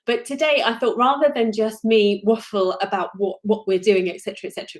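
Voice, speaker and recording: A woman with a British accent, a crochet designer hosting a casual live stream, talking in a rambling, chatty and apologetic way. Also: medium pitch.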